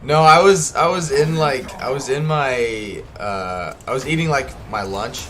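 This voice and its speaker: Young man, game livestream, chatty rambling talk, lots of fillers, middle pitch, faint noise behind. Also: unhurried, a bit bright. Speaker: gaming streamer. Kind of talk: casual livestream commentary.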